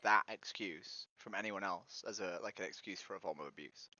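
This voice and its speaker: A woman's voice: rumbling low, moderate pace, bright, forceful tone. A woman, streaming on a video chat site and pressing strangers with direct, persistent questions. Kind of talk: casual argumentative chat. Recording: dull lo-fi stream audio.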